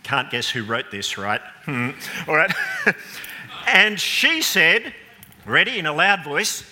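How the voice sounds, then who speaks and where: A man's voice: a little high, big pitch swings, takes it slowly, pushed and bright, a little hiss or hum. A man giving an all-age Easter sermon, playfully coaching volunteers through a re-enactment with running stage directions. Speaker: pastor. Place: church. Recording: reverberant church hall.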